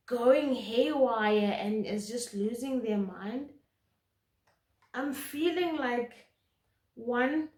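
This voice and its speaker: Woman tarot reader, slow and emphatic, fairly high voice, echoey room. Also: darkish tone. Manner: earnest, emphatic, repeats words for stress. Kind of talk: intuitive tarot reading to camera.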